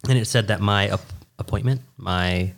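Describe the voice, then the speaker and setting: A man's voice: on the low side, normal speed, vocal fry, a bit bright. A young man, co-hosting a podcast in casual chat, laughing often and rambling with restarts. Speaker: podcast co-host.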